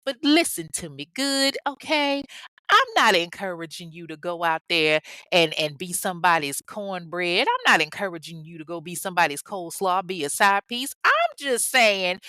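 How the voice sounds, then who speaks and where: A woman's voice: medium pitch, pushed and bright, dry recording. A woman casually telling a crime story in a sassy, profane way, talking straight to her listeners. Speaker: podcast host.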